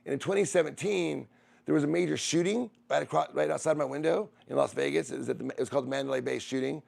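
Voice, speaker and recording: A man's voice: fairly high pitch, quick pace, creaky, darkish tone. A middle-aged man who streams, telling a personal story in a rambling way, restarting and repeating phrases.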